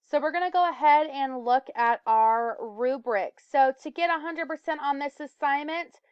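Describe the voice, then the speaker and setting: A woman's voice: high voice, moderate pace, no room sound, lo-fi sound. A woman teacher giving a recorded lesson. She explains step by step and sometimes stumbles or corrects herself. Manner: self-correcting, occasional stumbles and fillers.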